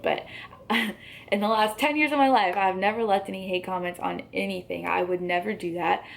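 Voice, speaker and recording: A woman's voice: mid-range voice, gravelly. A young woman in her twenties talking frankly in a casual commentary vlog, agitated, with frequent "um" and "like" fillers. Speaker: YouTuber.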